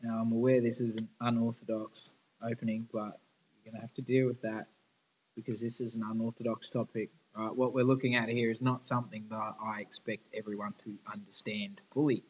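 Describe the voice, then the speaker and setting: A man's voice: mid-range voice, little pitch movement, fairly quick, a little hiss or hum, low-quality recording. Male teacher, informal lesson delivery, casual and candid with students. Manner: casual, chatty and frank.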